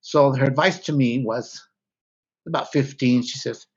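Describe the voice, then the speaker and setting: A man's voice: mid-range voice, measured pace, husky. Candid man telling his story, muffled audio. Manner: reflective, frank, often self-interrupting. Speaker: guest author. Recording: slightly dull lo-fi audio.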